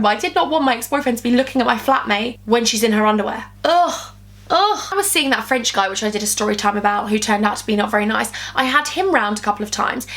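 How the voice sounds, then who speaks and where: Young woman vlogging in her bedroom, high voice, chatty and gossipy, bit of a sore throat. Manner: animated, gossipy, jumps to high squeals when quoting. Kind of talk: storytime vlog.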